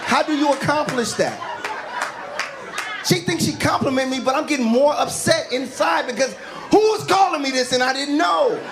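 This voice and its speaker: A male stand-up comedian telling a story on stage, animated and laughing through his lines, into a handheld mic before a live audience. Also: very high-pitched, normal speed, gravelly, few pauses. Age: adult, grown since school. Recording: live club with crowd and noise.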